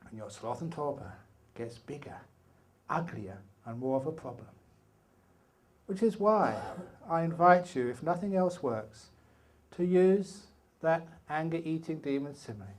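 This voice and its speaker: Slow, playful older British monk telling a story. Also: male voice, a little high, expressive, a little mellow. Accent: British English. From England. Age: 60s. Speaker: meditation teacher. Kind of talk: storytelling dharma talk. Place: retreat hall.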